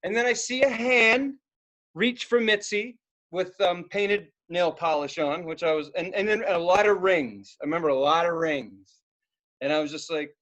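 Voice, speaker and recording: A young, high-pitched podcast co-host tells an animated story during casual chat, breaking into loud, acted-out outbursts.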